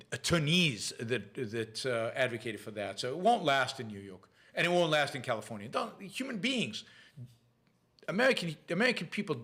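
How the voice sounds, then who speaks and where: A noticeably accented man with a slightly bright mid-range voice hosts an informal Q&A show. Reading viewer questions out loud, he answers them while often restarting and filling pauses.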